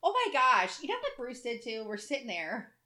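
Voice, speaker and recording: A woman chatting casually as a podcast co-host, an animated storyteller who laughs often and acts out what people said. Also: normal speed. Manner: acts out quotes in big high voices. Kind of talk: casual chat.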